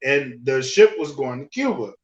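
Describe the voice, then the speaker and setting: A young man co-hosting a podcast, telling a story in an animated, profane, laughing way. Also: medium pitch, normal speed, roomy sound. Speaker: podcast co-host. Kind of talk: casual chat, storytelling. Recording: slightly dull lo-fi podcast audio.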